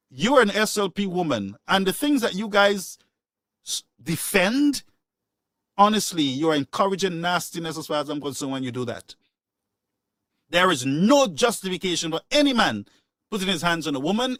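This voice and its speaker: A man's voice: sits high, a bit bright, no echo, clean studio sound. A man hosting a call-in show, talking in an impassioned, preachy way and repeating his points for emphasis. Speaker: radio call-in show host. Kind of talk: opinionated call-in talk.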